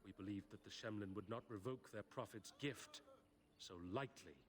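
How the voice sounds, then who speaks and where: Aged elf clan elder, game role, measured and solemn, formal speech. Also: male voice, lowish voice, slightly rough. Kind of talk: video game voice acting.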